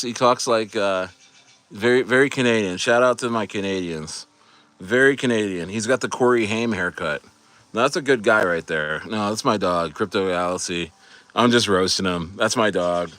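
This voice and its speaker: Guy streaming crypto talk, bright forceful voice, dry close mic, rambles and laughs a lot. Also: lowish voice, no room sound. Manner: hyped, rambling, laughing often. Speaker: crypto livestream host. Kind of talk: casual livestream chat.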